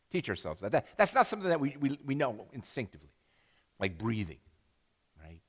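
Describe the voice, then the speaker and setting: Older man, pastor, sermon, rambling self-deprecating storyteller, animated pitch, reverberant church hall. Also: fast. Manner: rambling storytelling with many restarts and asides. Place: church sanctuary.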